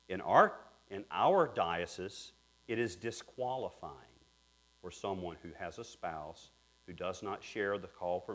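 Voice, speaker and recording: A man preaching a sermon earnestly, dropping to hushed tones and rising to emphatic peaks. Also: low voice. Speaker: pastor.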